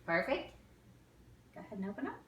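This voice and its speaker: A woman calmly talking a patient through a cranial nerve exam, step by step, with small fillers. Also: mid-range voice, fairly quick, highs cut off, a little hiss or hum. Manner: calm step-by-step instructions with fillers. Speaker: nursing student doing an exam demo. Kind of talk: instructional clinical demonstration. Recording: echoey room from far off.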